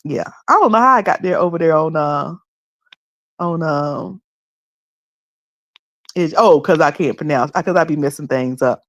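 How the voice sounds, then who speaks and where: A woman's voice: sits low, animated, moderate pace, pauses often. Chatty Southern woman streamer, laughing easily. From the Carolinas. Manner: chatty, laughs often, teasing mimicry. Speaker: live streamer. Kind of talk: casual chat with live chat readers.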